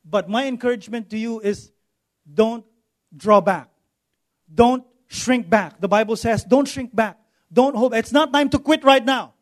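A middle-aged Filipino pastor with a noticeably high voice preaches in a loose, conversational style. He repeats himself mid-sentence and keeps checking in with his listeners with a quick "okay?". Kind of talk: sermon with personal stories.

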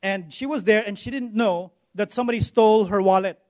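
High-voiced Filipino pastor preaching. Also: male voice, fairly quick, darkish tone. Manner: conversational, repeats words, frequent "okay?". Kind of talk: sermon with personal stories.

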